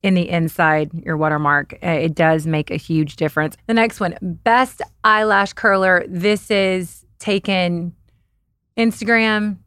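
A woman's voice: fairly low pitch, fairly even intonation, measured pace, fairly bright tone, clean tone, no room sound, clean studio sound. A woman co-hosting a beauty podcast, chatting casually and enthusiastically about makeup picks. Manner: chatty, enthusiastic product recommendations. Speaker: podcast co-host.

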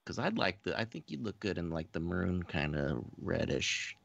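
A man's voice: low voice, sing-song, moderate pace, vocal fry, a bit bright, muffled recording. A man co-hosting a podcast, talking in a laid-back, joking way. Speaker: co-host. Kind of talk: casual podcast chat.

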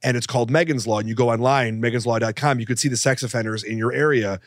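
A man's voice: medium pitch, steady tone, fast, dry recording, studio quality. A man co-hosting a comedy podcast, joking and rambling with lots of fillers. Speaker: podcast co-host. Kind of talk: casual comedic chat.

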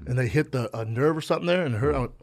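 A man co-hosting a podcast in casual banter, firing off quick wisecracks. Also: medium pitch. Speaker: podcast co-host.

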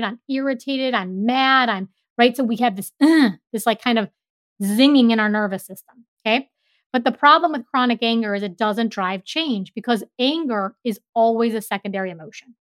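A middle-aged woman neuropsychologist explaining ideas in an animated, emphatic way with everyday examples. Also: a little high, dry recording, studio quality. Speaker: neuropsychologist guest. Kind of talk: explanatory interview talk.

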